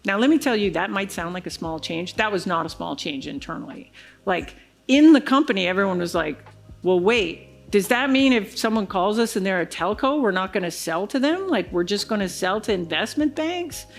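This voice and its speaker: A woman's voice: mid-range voice, normal speed, soft background music. A woman giving a conference keynote, telling a business story and acting out the other people's lines. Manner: animated storyteller acting out quoted dialogue. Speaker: keynote speaker. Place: large conference hall stage.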